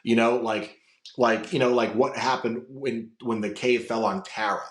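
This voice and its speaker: A man's voice: mid-range voice, fairly even intonation, normal speed, slight background noise. Podcast guest, male, from Florida, rambling anecdote style, mid-range voice, roomy recording. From Florida, USA. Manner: rambling, lots of "like" and restarts. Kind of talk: casual storytelling chat. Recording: roomy echo.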